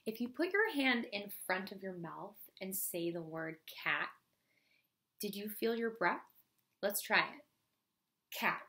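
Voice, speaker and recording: A woman teaching a first grade phonics lesson in a slow, clear teaching voice, clapping out syllables. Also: mid-range voice, pushed and bright.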